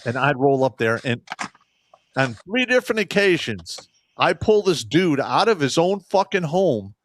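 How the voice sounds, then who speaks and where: A man's voice: on the high side, very animated, a little slow, dry recording, studio quality. A man co-hosting a podcast, ranting heatedly with swearing. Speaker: podcast co-host, army veteran. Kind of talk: casual podcast chat.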